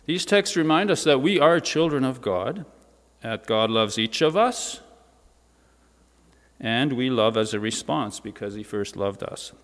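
A man's voice: medium pitch, expressive, measured pace, a bit bright. Man preaching a casual sermon, church reverb. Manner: conversational, informal asides.

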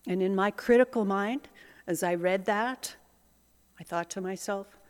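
A woman's voice: mid-range voice, animated, measured pace, darkish tone. A woman preaching a sermon in a reflective, self-searching, conversational way. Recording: long hall reverb.

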